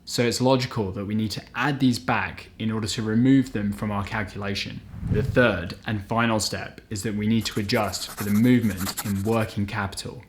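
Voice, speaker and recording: Low-voiced man teaching accounting basics. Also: steady tone, moderate pace, hardly any pauses, slight background noise. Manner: clear, methodical, step-by-step explaining. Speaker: host of an accounting lesson channel. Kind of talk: scripted educational explainer.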